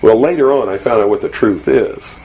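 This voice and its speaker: A man's voice: on the low side, a little fast, dark tone, slightly rough, rough recording. A man as an interview guest, speaking earnestly and insistently, with many fillers and restarts. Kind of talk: recorded interview. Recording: faint hiss from an old 1992 interview tape.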